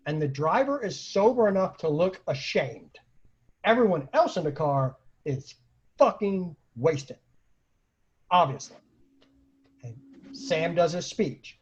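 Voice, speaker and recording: Husky middle-aged guy spinning a funny story over a muffled video call, voice all over the place. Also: high voice. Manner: lively, profane anecdote telling with acted quotes. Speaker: storyteller host. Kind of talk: casual storytelling.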